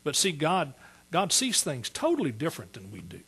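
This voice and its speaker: Husky older man preaching. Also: fairly high pitch, wildly swooping pitch, fairly bright tone. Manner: earnest, halting testimony rising to fervent preaching with hallelujahs. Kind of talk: sermon with personal testimony.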